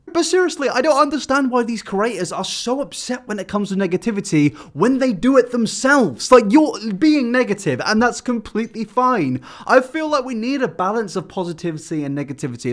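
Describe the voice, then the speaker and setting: A man's voice: sits high, very animated, brisk, few pauses. A man commenting on clips in a sarcastic, mocking tone, often exaggerating for effect. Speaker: YouTube commentator. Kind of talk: reaction commentary.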